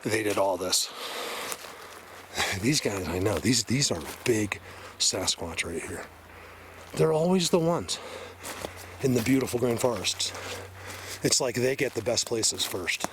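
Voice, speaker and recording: A man vlogging while hiking through a forest, excitedly pointing things out to his viewers in casual walk-and-talk. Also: fairly low pitch, unhurried, long pauses, noisy background. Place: forest outdoors, hiking uphill.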